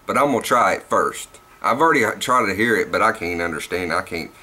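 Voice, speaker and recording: Young Southern man, bright edgy voice, rambling and cussing in a casual vlog. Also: on the low side, expressive, quick pace, slightly rough. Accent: Southern US, Tennessee. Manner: rambling and profane, laughs at himself. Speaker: vlogger.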